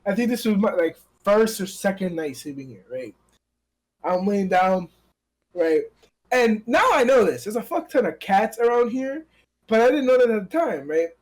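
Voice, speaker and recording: A man telling stories among friends in casual chat, animated and swearing, acting out the voices of the people in them. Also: sits high, normal speed.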